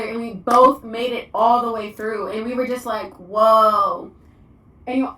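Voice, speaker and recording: A high, bright young woman with a Southern US accent, talking fast and excitably about her day, peppering everything with "like". She sounds set back from the mic in an echoey space, with a little noise underneath. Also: recorded from a distance. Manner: excitable, chatty, full of "like". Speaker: content creator applicant. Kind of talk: casual vlog storytelling.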